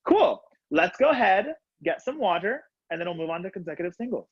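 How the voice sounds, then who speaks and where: A young man teaching a color guard class over a video call from his home, upbeat and casual, counting out loud and coaching students by name. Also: high-pitched, very animated, a little fast, breathy edge. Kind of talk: live online class instruction. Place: home room, on the floor. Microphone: laptop webcam on a video call. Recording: dull lo-fi video call audio.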